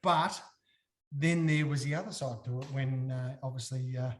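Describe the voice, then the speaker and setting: Guesting in a relaxed chat, a former footballer, a middle-aged Australian, spins stories at a moderate pace. He's animated, voicing quotes with big leaps in pitch, and there's a little hiss or hum in the recording.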